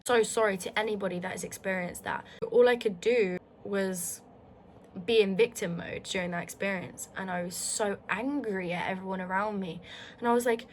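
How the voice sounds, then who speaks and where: Woman vlogger, mid-pitched, emphatic and heartfelt, casual swearing, reflective monologue. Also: steady tone, moderate pace, slight background noise. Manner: earnest and reflective, with frequent restarts. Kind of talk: candid personal monologue.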